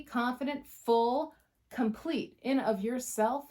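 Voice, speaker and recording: A woman's voice: medium pitch, a little mellow. Woman tarot reader, casual and direct, passionate, curses often. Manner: blunt, passionate, swears freely, quick bursts. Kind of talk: casual tarot reading to camera.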